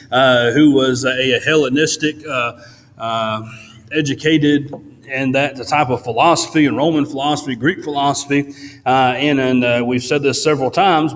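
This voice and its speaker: A man preaching a sermon in a church, pausing often with "uh" between phrases. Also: mid-range voice, a bit bright. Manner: halting, fills pauses with frequent "uh". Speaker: pastor. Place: church sanctuary. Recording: long church reverb.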